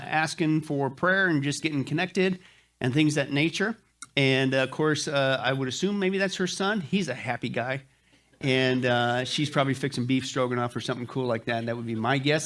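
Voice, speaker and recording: A man's voice: on the high side, fairly bright tone. A middle-aged male pastor giving jokey, folksy church announcements to his congregation, with lots of "uh" fillers. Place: church sanctuary.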